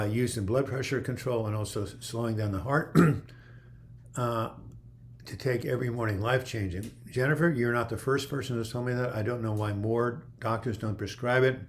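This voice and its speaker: A man's voice: medium pitch, steady tone, normal speed, slight background noise. Chatty man answering viewer comments. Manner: reads viewer comments aloud and answers them in a loose, chatty way; rambling, with frequent "you know" and restarts. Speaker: livestream host. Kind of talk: casual livestream Q&A.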